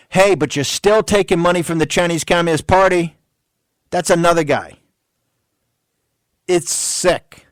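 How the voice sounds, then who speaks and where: An older man in his sixties hosts a political radio show in a fiery, ranting monologue, raising his voice and piling up repeated insults. His voice sits a little high for a man. The sound is dry and close. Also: normal speed, pauses often, dry recording.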